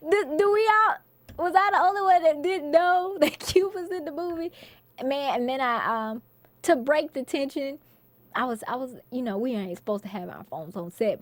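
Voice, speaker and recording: A woman, an actress, being interviewed and telling lively stories about her work, laughing often and acting out quotes. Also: high-pitched, dry recording. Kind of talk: casual interview storytelling.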